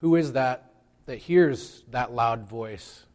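Slow, measured male preacher. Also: medium pitch, a little mellow. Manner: slow, measured, with pauses for emphasis. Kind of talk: reflective sermon.

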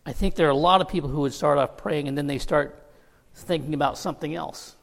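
A man's voice: fairly high pitch, brisk, creaky. A man preaching a sermon, telling a personal story with laughs and easy asides. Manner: storytelling, laughing through anecdotes. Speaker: pastor. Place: church sanctuary. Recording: long reverb of a church hall.

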